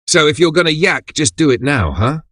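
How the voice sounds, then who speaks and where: Man doing a deadpan impatient driver. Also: a little high, a little fast, dry recording, studio quality, pitched above the performer's own voice, heavily acted. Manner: deadpan, blunt. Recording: background music under voice.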